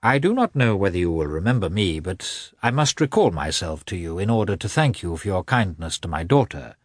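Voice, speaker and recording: A man's voice: sits low, big pitch swings, brisk, slightly rough, dry recording, clean studio sound, full character voice. A man reading aloud, voicing an older prince, a kind father with mild irony. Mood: courteous. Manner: warm, sighing, mild irony.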